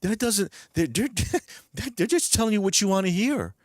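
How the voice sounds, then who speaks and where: A fired-up New York guy hosts a ranting livestream chat from his home streaming room, angry, swearing heavily, and repeating words. His high voice swings widely in pitch at normal speed, with close, dry sound and no room echo.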